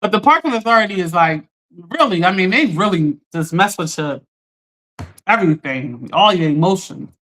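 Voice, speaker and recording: A woman hosting a live stream, telling a story in an animated, chatty way, talking straight to her viewers and laughing often. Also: on the low side, normal speed. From Philadelphia. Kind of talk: casual storytelling to a live audience.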